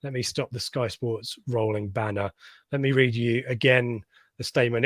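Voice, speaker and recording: A man's voice: mid-range voice, fairly even intonation, normal speed, dry recording, studio quality. A man from England hosting a live fan podcast, reading out viewer comments with jokey asides. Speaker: podcast host. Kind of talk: live reaction stream chat.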